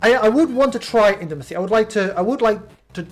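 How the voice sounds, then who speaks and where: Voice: medium pitch, lively intonation, fast, faint music behind. A British let's play host giving casual, sarcastic, rambling commentary while playing a game. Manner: rambling, sarcastic, many restarts.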